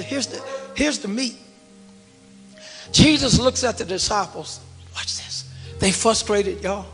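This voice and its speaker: High bright-voiced preaching man in a church. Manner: preaching with call and response, swinging from shouts to low murmurs. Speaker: pastor. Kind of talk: sermon. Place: large church hall. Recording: church hall reverb with organ music.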